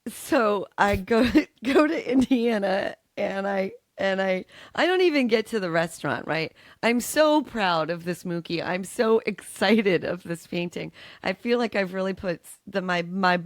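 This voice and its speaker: A middle-aged woman co-hosting a podcast, telling a long story in animated, swearing, laughing casual chat. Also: medium pitch, a little slow, no room sound. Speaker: podcast co-host.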